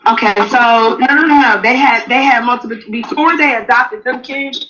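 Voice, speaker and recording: A woman's voice: on the high side, normal speed, fairly bright tone, a little hiss or hum. A woman from New Jersey, a guest on a livestream, talking in a blunt, emphatic, indignant way. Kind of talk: heated casual chat. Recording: muffled stream audio.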